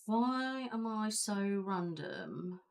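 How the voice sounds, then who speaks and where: A woman's voice: medium pitch, lively intonation, extremely slow, vocal fry. A woman with a British accent, hosting a casual live-stream chat, rambling and reading viewer comments aloud from her chair at home. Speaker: ASMR channel host.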